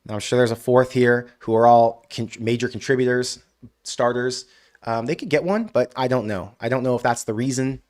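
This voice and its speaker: A man's voice: medium pitch, moderate pace. Man, football stream host, casual chat, ranting, answers viewer comments. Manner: ranting, animated outbursts; frequent "I don't know" hedging. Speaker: college football show host.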